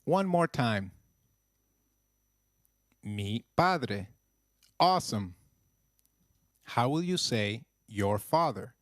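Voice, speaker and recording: A man narrating a scripted language lesson in an even teaching voice, slowing down to model phrases. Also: medium pitch, no echo, studio quality.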